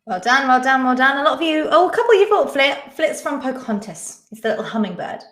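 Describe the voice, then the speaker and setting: A woman's voice: high voice, expressive, fast talker, a bit bright. A woman hosting a live-stream quiz, chatting casually and reading out viewers' names and answers. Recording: echoey room.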